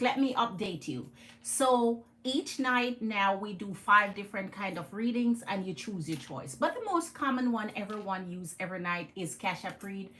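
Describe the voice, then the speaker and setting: A woman's voice: mid-range voice, a bit bright, a little hiss or hum, poor audio. A woman with a Jamaican accent hosting a live tarot stream, chatting with her viewers and greeting them by name.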